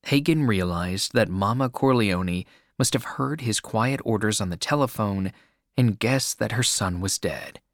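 A male narrator reads a story aloud in a measured, even delivery. His voice sits somewhat low, and he takes his time over every sentence. The recording is close and dry, with no room sound. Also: no room sound. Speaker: audiobook narrator. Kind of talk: scripted narration.

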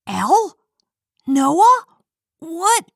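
A woman's voice: on the high side, sing-song, slow pace, dry recording, studio quality, exaggerated voice. A woman voicing a hurt and angry teenage boy who feels betrayed by his best friend, pleading and then accusing. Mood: shocked.

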